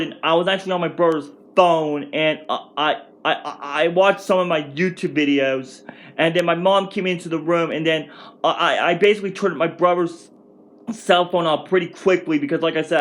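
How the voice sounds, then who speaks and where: A man in his twenties telling a rambling, excitable storytime rant at home for his vlog, restarting his sentences often. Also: on the high side. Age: 20s. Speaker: vlogger.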